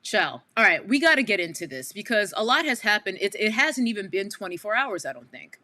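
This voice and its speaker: Woman, New York accent, bright-toned livestream host, loose and conversational. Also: mid-range voice, very animated, brisk. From Queens, New York. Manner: chatty, addresses viewers as y'all, frequent asides. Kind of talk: casual livestream chat. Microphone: headphones with mic.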